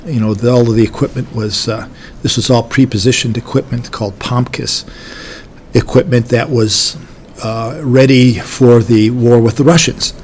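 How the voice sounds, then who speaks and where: An older man shares memories of his army days at a middle pitch. He talks in a folksy, rambling way and often circles back to restart his sentences. A faint hum of ambience sits behind him. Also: fairly even intonation, moderate pace, a little mellow. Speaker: army veteran recalling service. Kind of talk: oral history recollection.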